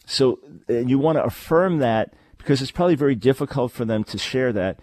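A man's voice: medium pitch, lively intonation, a little fast, hardly any pauses, a little mellow, no room sound. A man hosting a call-in radio show, talking in an earnest, emphatic way and repeating phrases for stress. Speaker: radio talk show host. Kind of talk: call-in radio advice and announcements.

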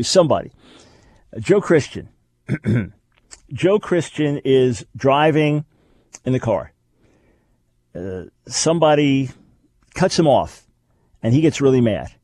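A man's voice: medium pitch, darkish tone, dry recording. A man hosts a radio teaching show in an emphatic voice, hammering his points home through repetition. His voice sits in a middle range. It is recorded dry and close, with no room sound. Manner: emphatic, repeats key phrases. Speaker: radio talk show host.

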